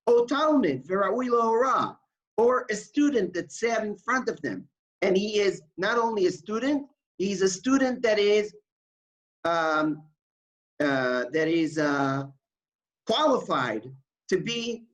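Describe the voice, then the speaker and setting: A man leads a Talmud study lesson, his pitch rising and falling with a lively swing. He circles back over key phrases and pairs Hebrew terms with English translations. He keeps checking that his listeners are following along. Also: rough recording. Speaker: Talmud teacher.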